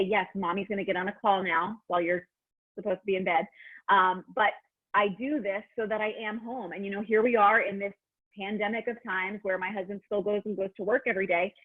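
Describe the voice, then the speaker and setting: A woman in her thirties, a business coach, telling her story in a chatty, excitable way with lots of fillers. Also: mid-range voice. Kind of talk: casual personal testimonial. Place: at home. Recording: tinny phone-like line.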